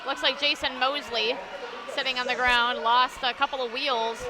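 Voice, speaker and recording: A woman's voice: sits high, fairly even intonation, normal speed. A woman commenting live on a roller derby game, enthusiastic, who also reads sponsor plugs. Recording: noisy arena broadcast feed.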